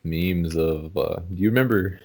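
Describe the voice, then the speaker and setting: Male co-host, very low voice, meandering casual chat. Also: a little slow, a little mellow, slight background noise. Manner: rambling storyteller, many fillers. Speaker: podcast co-host. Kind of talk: casual podcast banter.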